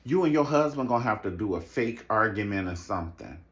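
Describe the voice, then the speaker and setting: A man giving a sassy, profane recap rant about a reality show, with a lively, animated delivery. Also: fairly quick. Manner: animated, sassy, swings into mocking high impressions. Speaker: reality TV commentator.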